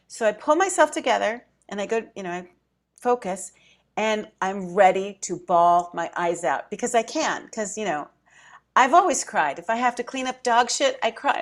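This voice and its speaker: A woman's voice: on the high side, moderate pace. Middle-aged woman co-host, casual and emotional, acts out what she thought. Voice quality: emotional, close to tears at times. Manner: animated storyteller, acts out her own thoughts. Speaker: podcast co-host. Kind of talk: casual chat.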